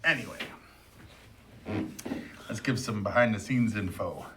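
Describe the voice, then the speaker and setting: Guy co-hosting a movie review, lowish voice, dry teasing sarcasm, just chatting. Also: measured pace, fairly bright tone. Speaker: co-host of a movie review show. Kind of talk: casual movie review chat.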